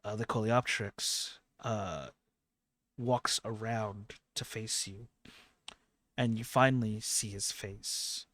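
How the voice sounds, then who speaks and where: Slow gravelly gm guy, lots of uhs, dry sound. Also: lowish voice, fairly bright tone, no room sound. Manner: halting, with many fillers. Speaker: game master. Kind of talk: narrating a tabletop game.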